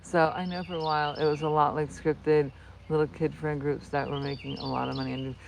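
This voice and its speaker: A woman's voice: low-pitched, level tone, fast talker, vocal fry, slight background noise. A woman with a New Jersey accent chatting casually on a livestream, rambling and laughing often. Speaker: livestream host. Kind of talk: casual livestream chat with viewers. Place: outdoors with horses.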